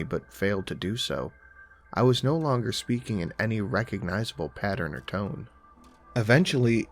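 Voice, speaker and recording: A man narrating a first-person horror story in a calm, conversational storytelling manner. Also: fairly low pitch.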